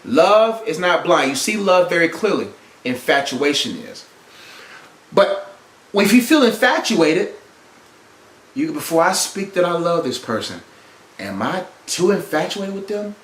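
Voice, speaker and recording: Male podcast host, preacher cadence, emphatic and repetitive, bright animated delivery in an echoey room. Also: fairly high pitch, a little slow, pauses often. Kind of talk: preachy motivational relationship talk.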